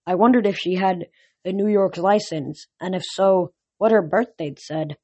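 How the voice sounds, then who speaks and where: A woman reading a novel aloud as storybook narration, in a steady, plain way with self-corrections. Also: on the low side, normal speed, slightly rough, no room sound. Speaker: reader. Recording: dull lo-fi recording.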